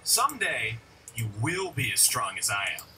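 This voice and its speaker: A man's voice: medium pitch, wildly swooping pitch, moderate pace, sharp tone, distant mic, slight background noise, voice pushed down, exaggerated voice, rough recording. A man voicing a cool, confident young male android warrior, speaking in a laid-back, matter-of-fact way.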